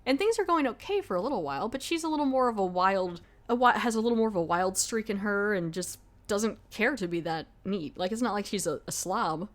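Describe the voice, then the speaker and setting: A woman's voice: mid-range voice, animated, brisk, hardly any pauses. A woman hosting a podcast, retelling a horror film plot in a casual, rambling way full of 'like'. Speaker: podcast host. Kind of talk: casual film review chat.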